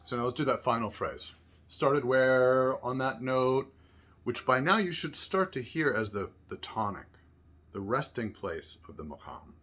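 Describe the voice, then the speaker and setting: A man's voice: medium pitch, animated, measured pace. A man teaching a music lesson, patiently explaining phrases and sometimes singing rhythm syllables. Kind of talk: instructional lesson with sung syllables. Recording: loud violin music in background. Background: violin playing.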